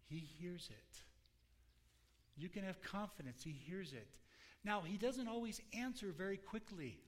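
Conversational man preaching a sermon. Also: fairly high pitch. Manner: conversational teaching, acting out quotes. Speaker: pastor.

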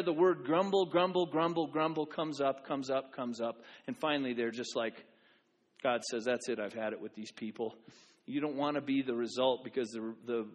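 A high-voiced man preaching in a church sanctuary. He is animated and repeats phrases for emphasis, slipping into other voices to act out quotes. The room carries a long, echoing reverb. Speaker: pastor. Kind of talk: sermon.

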